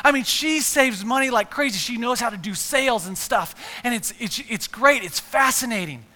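A man's voice: very high-pitched, moderate pace, pushed and bright, big-room sound. A man preaching a sermon in a church, earnest and emphatic, often repeating words and building up lists. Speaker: pastor.

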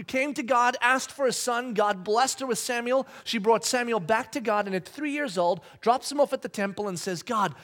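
A man in his thirties delivers a sermon in a strikingly high voice. He talks conversationally, often restarting his sentences, and acts out each bit of quoted dialogue as he tells his stories. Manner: animated storytelling, acting out quoted dialogue. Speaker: pastor.

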